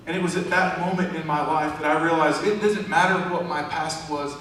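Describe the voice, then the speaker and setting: A man's voice: on the high side, steady tone, brisk, noisy background. A man giving a sermon testimony to a church, telling a story in a conversational, building way. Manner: storytelling, conversational with rising emphasis. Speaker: church speaker. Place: large church hall. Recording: echoey church hall from far off.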